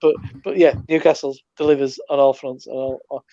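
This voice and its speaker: A man's voice: medium pitch, fairly even intonation, moderate pace, warm tone, dry recording, highs cut off. A man in casual, joking chat on a beer show, often restarting his sentences. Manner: jokey, stammering restarts.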